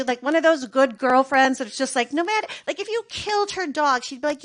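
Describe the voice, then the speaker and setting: High-voiced woman telling a wild story. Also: brisk, few pauses, poor audio. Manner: profane, rambling, animated retelling. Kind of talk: casual personal storytelling.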